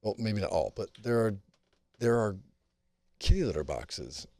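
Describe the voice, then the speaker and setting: A guest on a casual podcast tells a rambling, animated anecdote in a somewhat low male voice. The sound is close and dry, with no room echo. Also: normal speed.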